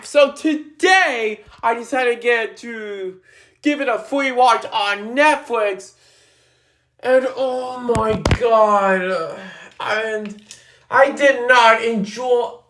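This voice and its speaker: A woman ranting in a movie review, angry, repeating herself and breaking into shouts. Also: sits high. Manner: repeats herself and restarts often.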